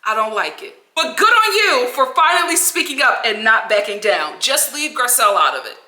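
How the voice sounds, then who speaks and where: A woman vlogger giving casual reality-TV commentary in an animated, sassy, slangy way. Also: fairly high pitch, moderate pace, roomy sound. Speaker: vlogger, TV recap host.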